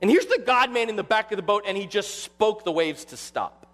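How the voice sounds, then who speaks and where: A male pastor preaching a sermon with animated delivery, acting out quoted voices. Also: sits high, fairly quick, in a large hall.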